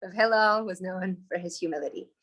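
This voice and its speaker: A woman's voice: fairly low pitch, a little fast, fairly bright tone. A woman teaching on a live video call, telling a story in an enthusiastic, chatty way. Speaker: Torah teacher.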